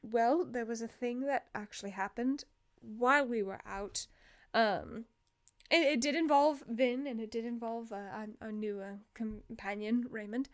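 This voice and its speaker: A woman's voice: sits high, fast talker, few pauses, darkish tone, natural voice. A woman voicing a polite, evasive young man who hedges and hesitates in a tabletop game. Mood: sheepish.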